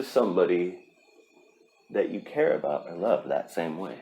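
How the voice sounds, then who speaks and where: A man's voice: low voice, animated, moderate pace, long pauses, mellow. A man hosting a podcast, giving a blunt, profane pep talk in a casual monologue. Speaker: podcast host.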